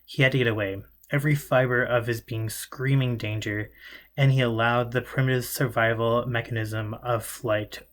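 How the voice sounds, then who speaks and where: A man in a middle pitch reading a novel aloud, steady narration broken now and then by slips he fixes on the spot. It sounds like an amateur audiobook reading. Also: normal speed. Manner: occasional slips and self-corrections. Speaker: audiobook reader.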